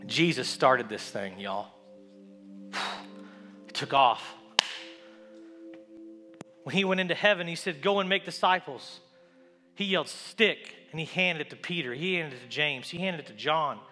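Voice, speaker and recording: A man preaching a sermon, telling a story and building to a loud, repeated call with rising refrains. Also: on the high side, lively intonation, moderate pace, pauses often, soft background music.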